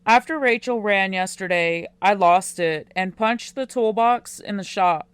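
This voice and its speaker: A woman narrating a first-person teen romance audiobook in a quiet, unhurried way. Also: mid-range voice, clear, resonant tone, dry recording.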